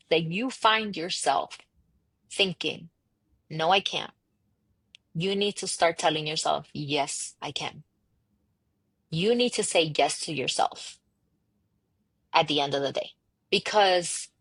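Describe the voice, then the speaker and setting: A woman speaks as a podcast guest in a husky, slightly breathy voice, recorded close and dry. She talks in a lively, emphatic way, slipping into quoted dialogue and doubling back on her words to drive a point home. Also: mid-range voice, no room sound. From United States, daughter of immigrants. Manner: animated storyteller, acts out quoted dialogue, emphatic repetitions. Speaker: podcast guest, marketing entrepreneur. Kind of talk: casual conversational interview.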